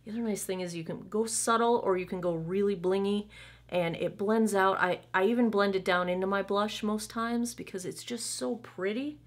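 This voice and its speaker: A woman's voice: mid-range voice, moderate pace. A woman in her thirties chatting casually through a makeup try-on, candid and playful with asides. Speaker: beauty vlogger.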